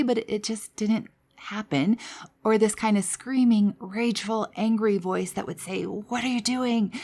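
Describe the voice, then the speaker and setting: A woman hosting a podcast, telling her personal story in a candid, conversational way with quiet asides. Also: mid-range voice, creaky. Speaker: podcast host.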